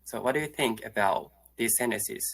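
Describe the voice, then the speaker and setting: Bright-voiced Japanese man interviewing in English. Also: lowish voice, moderate pace, creaky, slightly rough. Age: young adult. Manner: asks prepared questions, brief acknowledgements. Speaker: host. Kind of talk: casual interview.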